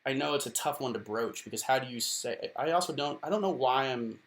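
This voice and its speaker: Gravelly man giving rambling advice. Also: medium pitch, a little fast. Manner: rambling, self-deprecating, lots of "like" and restarts. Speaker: advice column host. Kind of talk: casual advice talk to camera.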